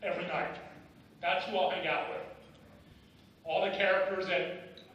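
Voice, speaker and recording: A man's voice: high-pitched, fairly even intonation, normal speed, lo-fi sound, slight background noise. A middle-aged man giving a candid personal speech at a benefit dinner, telling his story with insistent, rising bursts. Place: large banquet hall. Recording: echoey banquet hall, voice from a distance.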